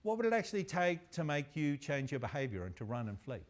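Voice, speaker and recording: A man's voice: on the high side, quick pace. Man telling a story in a lecture. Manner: animated, chatty storyteller. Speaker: university lecturer.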